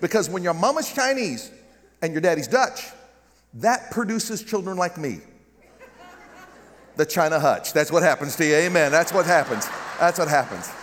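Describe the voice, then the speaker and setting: A middle-aged American man with a Southern accent preaches a humorous sermon as a guest pastor, joking, animated, and calling out for amens. His voice is a little high and his pace moderate. The sound is big and roomy, from a large church with a balcony.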